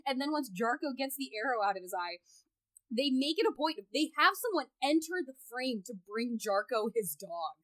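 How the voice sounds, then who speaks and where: A woman chats on a podcast with a bright, forceful voice that sits a little high. Her pitch swings widely as she gushes, and she swears freely along the way. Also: moderate pace, rough recording. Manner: animated, profane, gushing. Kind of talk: casual podcast chat.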